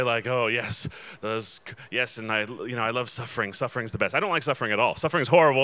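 A man giving a relaxed, conversational sermon, full of fillers and restarts and often checking in with his listeners. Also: mid-range voice, smooth. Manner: casual and chatty, many fillers and restarts, checks in with the audience. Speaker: pastor.

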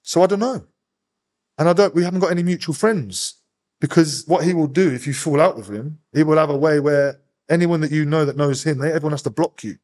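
A young man, a podcast guest, bluntly retelling events with heavy swearing and animated energy. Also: on the high side, fairly quick. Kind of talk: casual interview storytelling.

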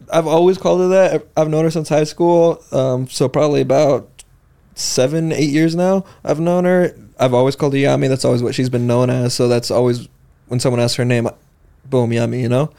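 A man co-hosting a casual podcast who explains things in halting bursts with restarts. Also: medium pitch, steady tone, gravelly, warm tone. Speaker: podcast co-host.

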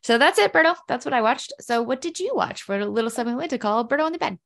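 A woman's voice: on the high side, expressive, racing, creaky, a bit bright. A woman co-hosting a podcast, teasing her co-host and laughing while chatting about movies. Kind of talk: casual movie chat.

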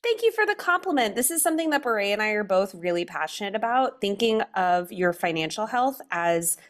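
A woman's voice: medium pitch, brisk. Upbeat woman author guest. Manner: upbeat, animated. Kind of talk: interview answers.

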